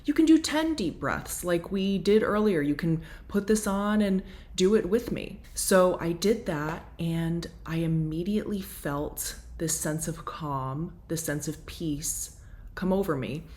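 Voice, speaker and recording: A woman leading a guided breathwork session, talking in a calm, gentle and reassuring way. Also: lowish voice, measured pace. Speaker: breathwork instructor.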